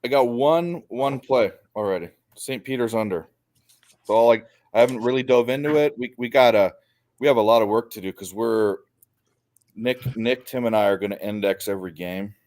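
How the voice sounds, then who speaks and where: A man's voice: mid-range voice, normal speed, darkish tone. A man hosting a casual sports betting stream, blunt and stumbling, swearing freely. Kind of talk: casual chat.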